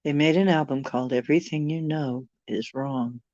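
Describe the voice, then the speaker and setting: A woman's voice: sits low, fairly even intonation, normal speed, mellow, no echo, dull audio. A woman hosting a livestream, chatting casually with viewers in a rambling, joking, self-deprecating way. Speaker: livestream host.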